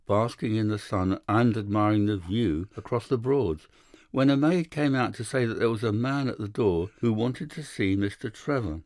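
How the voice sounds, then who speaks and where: Low-voiced male audiobook narrator. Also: darkish tone, dry recording, clean studio sound. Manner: measured first-person storytelling. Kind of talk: scripted narration of a classic story.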